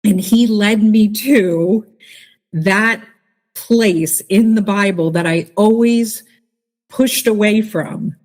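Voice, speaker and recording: An earnest woman speaks openly in a conversational interview, her voice full of emotion as she tells a personal story of faith. She talks haltingly and often restarts her sentences. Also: medium pitch, darkish tone. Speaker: interview guest.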